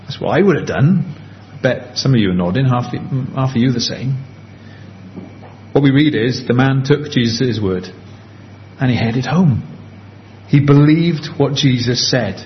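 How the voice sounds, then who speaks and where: A man preaching a sermon in an earnest, conversational way, slowing down on key points. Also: medium pitch, expressive. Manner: earnest, conversational, slows down for emphasis. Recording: dull lo-fi with faint background hiss.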